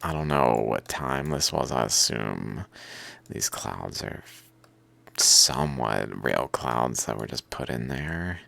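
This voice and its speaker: A man's voice: very deep voice, expressive, slow, creaky, fairly bright tone, no echo. A man talking to himself in a loose, rambling monologue, swearing and laughing now and then. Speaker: vlogger.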